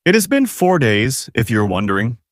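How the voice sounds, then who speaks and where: A man's voice: mid-range voice, sing-song, moderate pace, dry recording, studio quality, natural voice. A man voicing a menacing male rogue werewolf who taunts his captive. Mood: gloating. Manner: taunting, smirking.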